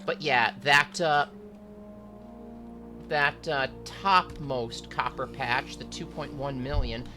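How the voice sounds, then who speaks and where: A streamer chatting casually over a game with friends, slow and unhurried. The voice is bright and clear, full of halting fillers and restarts. Faint music plays underneath. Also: medium pitch, steady tone. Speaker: streamer playing a factory-building game with friends. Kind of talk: casual gaming chat.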